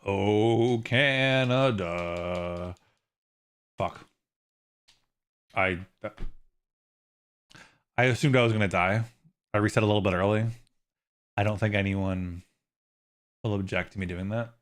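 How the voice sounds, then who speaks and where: A man streaming a game, chatting casually and rambling, swinging from high squealing outbursts to low trailing mumbles, swearing freely. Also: measured pace, pauses often. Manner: rambling and excitable, jumping into high squeals and mock outrage. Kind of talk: casual livestream chat while gaming.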